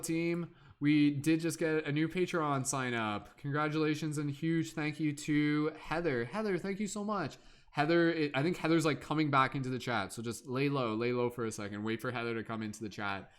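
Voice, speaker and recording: A man's voice: on the high side, fairly even intonation, brisk. A man hosting a livestream, chatting casually and playfully to his viewers, humming and scatting filler sounds while he waits. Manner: chatty, playful, hums and scats while waiting. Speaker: livestream host.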